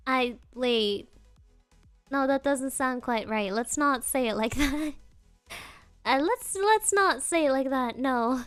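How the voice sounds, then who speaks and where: A woman's voice: high voice, slow pace, a bit bright, clear, resonant tone, no room sound, faint music behind. A woman streamer chatting playfully with her audience, often giggling and answering viewers' messages. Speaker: virtual streamer. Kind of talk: casual live-stream chat.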